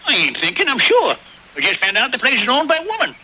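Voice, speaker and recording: An actor playing a scheming, boastful old grandpa farmer who talks in folksy rustic grammar and cackles. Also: male voice, extremely high pitch, wildly swooping pitch, fast, sharp tone, breathy edge, heavily acted, rough recording. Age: older. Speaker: grandfather farmer selling produce. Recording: old TV soundtrack with music.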